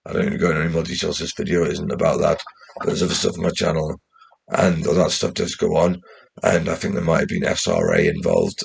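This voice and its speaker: A very deep, gravelly young man with a mixed West Midlands and Geordie accent rambles through a casual vlog monologue. His voice is husky and rough-edged, and he swears freely. He sounds anxious and restless as he talks. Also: animated, fast. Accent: mixed West Midlands, Geordie and posh English. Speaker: channel host.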